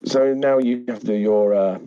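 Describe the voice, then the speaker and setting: A man's voice: medium pitch, moderate pace, smooth, highs cut off. A British man chatting casually as a guest, wry and self-deprecating. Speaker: guest player. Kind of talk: casual chat.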